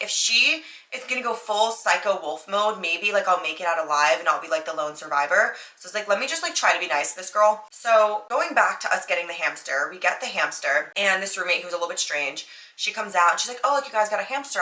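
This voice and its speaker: A woman's voice: mid-range voice, animated, brisk, few pauses, bright, forceful tone. A young adult woman hosting a podcast, telling a story in a chatty way with lots of fillers and acted-out quotes. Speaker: podcast host. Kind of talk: casual storytelling monologue. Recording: echoey room.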